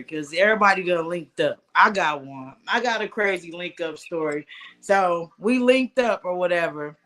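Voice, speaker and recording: A woman's voice: medium pitch, fairly bright tone. A woman hosting a podcast, telling loose, profane stories in casual chat and talking straight to listeners. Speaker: podcast host.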